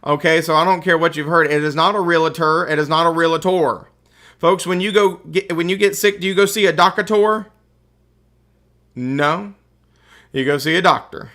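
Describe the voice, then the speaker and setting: A man's voice: fairly high pitch, a little fast, pushed and bright. A man with a Southern US accent lecturing a class as a real estate instructor, folksy and joking. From Southern United States. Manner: folksy and joking, keeps calling students "folks".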